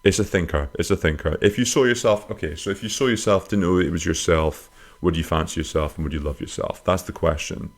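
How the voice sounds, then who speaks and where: Low-voiced bloke, comic podcast host, rambling and crude, jumps into squeaky bits for jokes. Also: male voice, brisk, hardly any pauses. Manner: rambling, crude, self-mocking humor with sudden high-pitched jokey swings. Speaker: podcast host answering listener questions. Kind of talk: casual comic podcast monologue.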